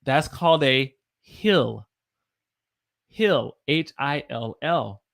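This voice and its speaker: A man's voice: mid-range voice, lively intonation, gravelly, a bit bright. A man from the Southern United States with a Southern American accent, teaching English pronunciation in a live stream and drawing out each example word. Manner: slow, drawn-out demonstration of words.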